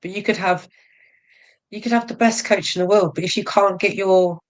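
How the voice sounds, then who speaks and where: A woman's voice: mid-range voice, fairly even intonation, normal speed. A woman in her forties, a bodybuilder guest in a casual interview, frank and self-mocking, laughing often.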